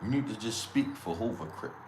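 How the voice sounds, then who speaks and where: A man's voice: on the low side, animated, a little fast, a little mellow, a little hiss or hum. A man hosting a livestream, talking loosely in slang and trash-talking with frequent laughs. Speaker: livestream host. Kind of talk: casual livestream commentary. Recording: echoey room with faint ambience.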